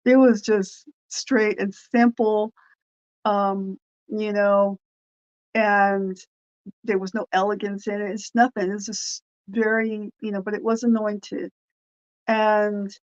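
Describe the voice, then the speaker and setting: A woman's voice: mid-range voice, darkish tone, dull audio. A woman pastor and podcast host giving an informal devotional talk, rambling and earnest, with frequent restarts and fillers.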